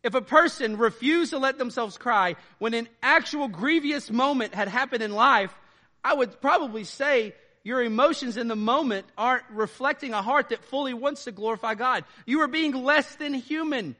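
Bright-voiced man preaching a sermon. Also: moderate pace. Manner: swings between loud emphatic peaks and low quiet passages; conversational, with repeated "right?" asides and restarts. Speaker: pastor.

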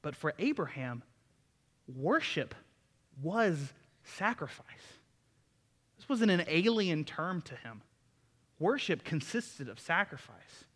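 Folksy preacher in a reverberant hall. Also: male voice, on the high side, sing-song, takes it slowly, pauses often, a bit bright. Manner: folksy, enthusiastic preaching with asides and chuckles. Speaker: pastor. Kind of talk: sermon.

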